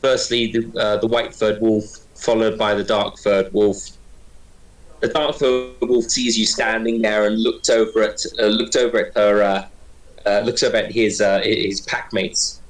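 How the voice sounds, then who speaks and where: A man narrating as game master, talking quickly and chattily with many fillers. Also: fairly low pitch, level tone, poor audio.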